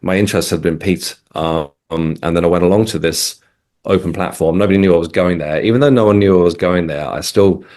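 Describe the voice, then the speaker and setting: A man with a very deep, low-pitched voice, speaking as an interview guest in an easy conversational way. He is middle-aged and from England. He pauses often, restarts sentences and fills gaps with "um" as he works through a long personal account. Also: a little mellow. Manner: hesitant, restarts, many ums. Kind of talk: casual interview storytelling.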